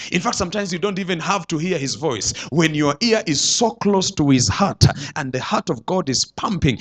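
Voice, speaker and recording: Animated, high-voiced male preacher. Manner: dramatic, swinging from loud declarations to hushed asides. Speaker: pastor. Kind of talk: sermon.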